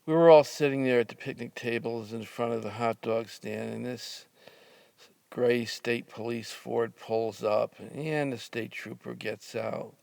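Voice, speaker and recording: An older man casually telling a story from his youth, halting with fillers and restarts, with a dry sense of humor. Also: mid-range voice, steady tone, creaky, darkish tone, dry recording.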